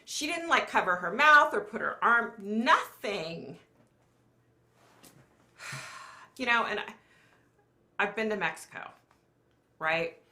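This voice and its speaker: A woman's voice: medium pitch, expressive, slow, long pauses, bright, forceful tone. A woman with a cold telling a story on a casual live stream, chatty and exasperated, talking straight to her viewers and swearing casually. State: has a cold. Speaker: live show host.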